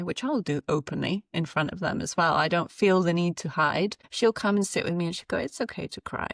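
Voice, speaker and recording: A woman's voice: fairly low pitch, no echo. A woman in her thirties speaking as a podcast guest, reflective and reassuring, with many fillers. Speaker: guest, mother and author. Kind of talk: casual conversational interview. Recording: dry, slightly distant mic.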